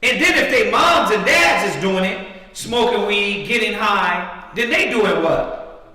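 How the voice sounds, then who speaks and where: A man's voice: sits high, expressive, unhurried, pushed and bright. A man teaching scripture in a fiery, preachy way, firing rhetorical questions and calling on a reader. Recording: echoey hall, mic at a distance.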